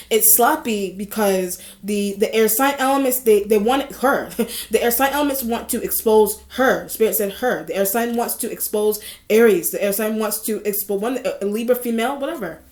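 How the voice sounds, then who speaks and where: A woman's voice: on the high side, normal speed. A woman giving a casual tarot reading, rambling and repeating herself with frequent small laughs. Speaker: tarot reader. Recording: echoey room.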